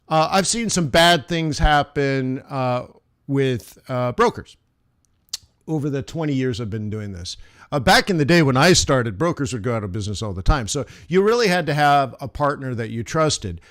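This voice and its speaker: A man's voice: on the high side, lively intonation, normal speed, a bit bright, no echo, studio quality. A man in his forties, a forex trader hosting a live trading stream and talking viewers through the markets in a chatty, emphatic way.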